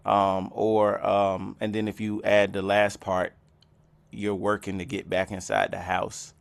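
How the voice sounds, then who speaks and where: A man with a low, gravelly voice, speaking slowly and flatly. He asks hesitant questions padded with fillers, and the sound is dry and close. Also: dry recording. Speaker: study group member.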